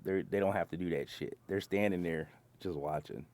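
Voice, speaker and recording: A man's voice: sits low, moderate pace, a little mellow, dry recording. A man in casual bar talk, telling profane stories about his job as a concrete truck driver and acting out his coworkers.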